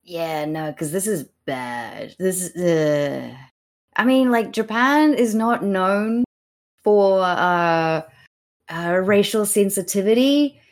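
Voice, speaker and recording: A woman's voice: mid-range voice, slow pace. A woman co-hosting a podcast, chatting with amusement about a comic, with lots of fillers. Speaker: podcast co-host. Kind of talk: casual discussion of a comic.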